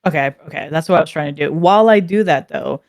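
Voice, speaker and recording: A woman's voice: low voice, quick pace, creaky, no echo, studio quality. A woman playing a tabletop game, talking casually and hesitantly with stammered restarts. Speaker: player. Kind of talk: casual chat.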